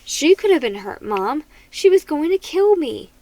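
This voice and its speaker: Woman reading aloud as a jealous preteen boy, pleading, insistent, higher voice, storybook. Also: very animated, moderate pace, dark tone, rough recording. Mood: pleading, alarmed. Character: anxious jealous preteen boy, big brother.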